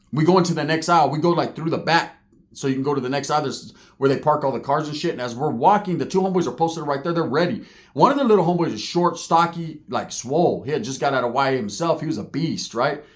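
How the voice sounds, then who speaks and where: A man's voice: on the high side, fast. A man telling a street fight story in a casual, profane way, full of street slang.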